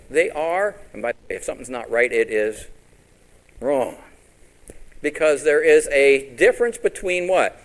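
Lively preaching man, slightly high voice. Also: a little slow, poor audio. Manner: lively, asks the congregation rhetorical questions. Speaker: pastor. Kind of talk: sermon.

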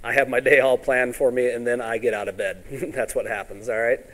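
A man preaching a sermon in a folksy way, often asking "all right?" and acting out Bible scenes in quick voices. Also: medium pitch, steady tone, fairly bright tone. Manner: ends points with "all right?".

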